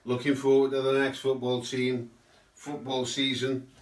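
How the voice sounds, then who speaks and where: Slow, rambling man in a roomy space. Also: medium pitch, completely flat delivery. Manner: rambling, with tag questions. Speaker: host. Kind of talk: satirical political monologue. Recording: roomy, mic at a distance.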